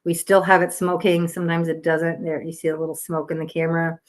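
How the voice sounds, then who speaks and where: A tired woman with a lowish voice hosts a live psychic stream from home. She talks in a chatty, earnest way, restarting her sentences and guiding listeners softly through breathing. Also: completely flat delivery, fast. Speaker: psychic tarot reader hosting a live stream. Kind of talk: casual live-stream chat.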